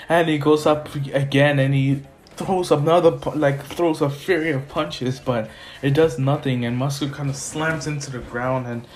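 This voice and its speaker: A man's voice: mid-range voice, steady tone, measured pace. Rambling casual male storyteller. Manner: rambling, with fillers and self-corrections. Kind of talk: casual fan-story retelling. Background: faint lofi music.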